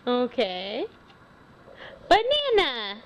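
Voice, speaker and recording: A mother reading a picture book to a toddler at home, naming each word slowly and coaxing the child to repeat it. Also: fairly high pitch, wildly swooping pitch. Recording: noisy home video.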